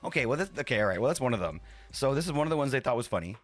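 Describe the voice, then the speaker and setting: A man's voice: medium pitch, sing-song, racing, dry recording. A man hosting a live stream, chatting casually and rambling between talking to his chat and fiddling with his setup. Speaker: livestream host.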